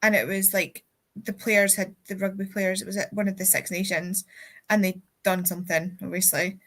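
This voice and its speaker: A woman's voice: mid-range voice, level tone, moderate pace, a bit bright. A young adult woman with a Scottish accent, hosting a casual livestream chat and telling rambling anecdotes with the odd swear word. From Scotland. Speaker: readathon livestream host.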